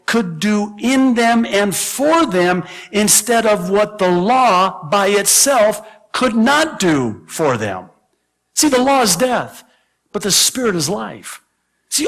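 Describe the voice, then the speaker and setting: A man pastor teaching a verse-by-verse Bible sermon, animated, with sudden emphatic rises and chuckles at his own asides. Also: high voice.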